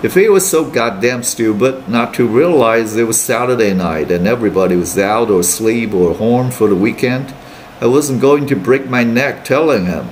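A man teaching English, reading a novel aloud in steady plain narration with brief Mandarin asides. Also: medium pitch, normal speed, a little hiss or hum.

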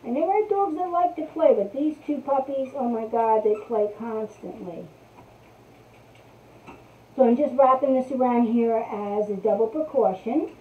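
A woman's voice: a little high, a little slow. A woman hosting a casual craft tutorial live stream, chatting to viewers while she works on a piece at her table. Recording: tinny phone-like sound.

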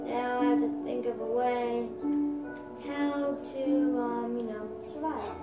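Female game streamer, high and unhurried, roomy off-mic sound with music under it. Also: fairly even intonation, distant mic. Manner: talks to viewers while playing, exclaims loudly at setbacks. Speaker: gaming video creator. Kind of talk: casual gameplay commentary.

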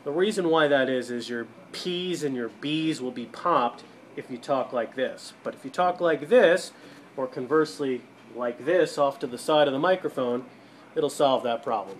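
A man walking viewers through setting up a desktop microphone and call software, step by step, at his computer. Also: fairly high pitch, a little hiss or hum. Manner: practical step-by-step instructions. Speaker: tutorial presenter for a radio show. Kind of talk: casual screen-recorded tech tutorial. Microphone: desktop USB microphone, moving toward and away from it.

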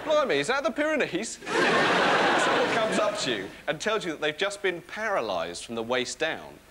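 A man's voice: on the high side, huge pitch swings, normal speed. An actor playing a neurotic, sleepless young man, who rambles in a wry, self-mocking way. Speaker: sitcom lead. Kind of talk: comic monologue and dialogue. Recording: noisy TV broadcast recording.

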